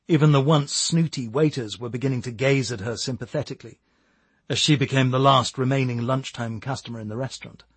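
A man narrating a novel in a measured storytelling voice. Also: mid-range voice, breathy edge, no echo. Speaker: audiobook narrator. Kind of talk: scripted narration.

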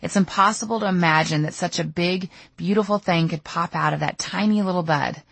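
A woman's voice: on the low side, brisk, creaky, fairly bright tone, husky, no echo. A middle-aged woman narrating her own audiobook memoir in a candid, storytelling way. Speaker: author reading her memoir.

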